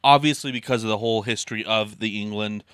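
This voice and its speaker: A man's voice: lowish voice, fast talker, clean tone, no echo. A young man from Idaho chatting casually on a podcast, ranting with lots of swearing. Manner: profane, ranting, animated. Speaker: podcast co-host. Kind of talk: casual chat.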